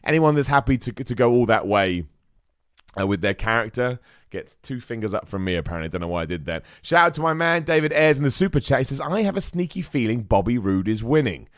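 A man's voice: medium pitch, big pitch swings, brisk, dry recording, studio quality. A young man hosting a live wrestling podcast, chatting loosely and reading out viewer messages. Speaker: podcast host.

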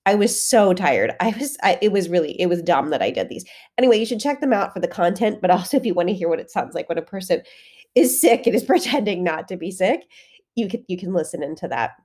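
Woman, solo podcast host, stuffy head-cold voice, warm, lowish, chatty with fillers. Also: animated, fast talker. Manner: candid, conversational, with frequent fillers. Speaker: fitness coach and podcast host.

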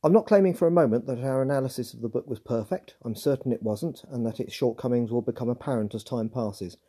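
A man hosting a podcast, reading a scripted analysis in a measured, articulate way. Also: mid-range voice, mellow, husky. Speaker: podcast host. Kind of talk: scripted book analysis narration.

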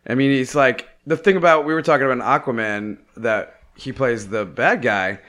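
A man co-hosting a podcast in casual movie chat, animated, acting out quotes and laughing a lot. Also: medium pitch, moderate pace. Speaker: podcast co-host.

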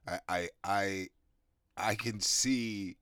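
A man's voice: on the low side, fairly even intonation, extremely slow, a bit bright, smooth, dry recording, studio quality. A man in his thirties hosting a podcast, talking in a rambling, profane, laid-back way with many restarts and fillers, a smoker with a cough. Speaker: podcast host. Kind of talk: casual monologue.

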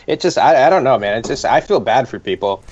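A man co-hosting a comedy podcast in casual chat, relaxed and rambling with lots of filler words. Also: mid-range voice, a little fast, breathy edge. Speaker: podcast co-host. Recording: dull lo-fi sound.

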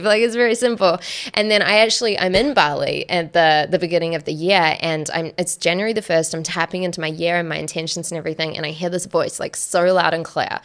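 A woman guest telling a personal story in casual chat, animated, acting out quoted dialogue and laughing often. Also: low voice, fast, vocal fry. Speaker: podcast guest.

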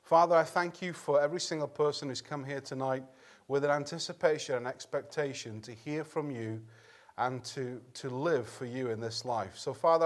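In a church, a man with a mid-range voice preaches an evening sermon in an earnest, conversational way. Now and then he clears his throat and starts a phrase over.

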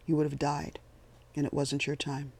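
A blunt, weary army captain speaks in a quiet, matter-of-fact way, as a man reads his part. The voice stays level and gravelly, with a somewhat raised pitch. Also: monotone, moderate pace. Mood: steady.

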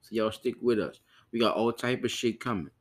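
A man's voice: medium pitch, brisk. Loose, profane podcast host man. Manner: loose, profane, repeats himself to listeners. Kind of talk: casual chat.

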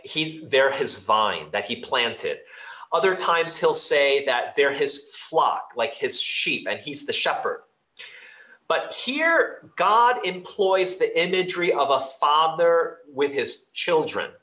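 A man's slightly high, sing-song voice comes across slow, pushed and bright as he preaches as a pastor. His sermon is earnest and conversational, full of fillers and restarts, and the church hall gives the recording an echo.

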